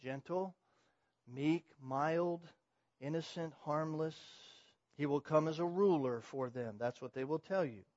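A man preaching an expository sermon, dropping to hushed, low emphasis and then rising to loud proclamation. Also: unhurried, no room sound, lo-fi sound.

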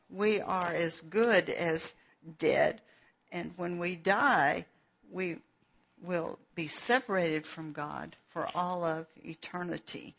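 Slow, breathy woman preaching scripture. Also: lowish voice, a bit bright. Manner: unhurried, explains verses with asides and fillers. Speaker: Bible teacher. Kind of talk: slow, earnest sermon with scripture reading. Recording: dull lo-fi recording.

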